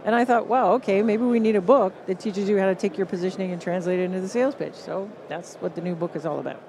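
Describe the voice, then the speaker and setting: A woman with a Canadian accent, a guest author on a live podcast stage, explaining ideas in an animated storytelling way and acting out what people said. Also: medium pitch, fast, noisy background. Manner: animated storyteller, acts out quoted reactions. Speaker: guest author and positioning consultant. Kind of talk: conversational interview on a podcast stage.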